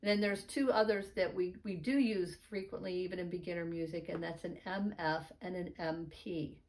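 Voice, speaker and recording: A woman's voice: on the low side, fairly even intonation, moderate pace, darkish tone. A middle-aged woman teaching a beginner piano lesson, explaining patiently and chanting note counts in an encouraging way.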